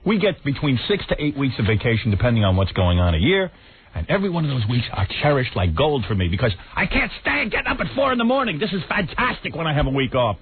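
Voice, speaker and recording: A man's voice: a little high, big pitch swings, quick pace, slight background noise. A man hosting a radio show, telling crude, mocking stories in a brash, profane, rambling way. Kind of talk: crude rambling storytelling chat. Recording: tinny phone-like radio broadcast.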